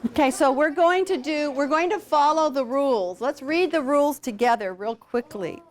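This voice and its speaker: A woman teaching a class of students how to read aloud to young children, with an animated, coaxing teacher's voice. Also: high voice, moderate pace. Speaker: literacy program founder teaching students.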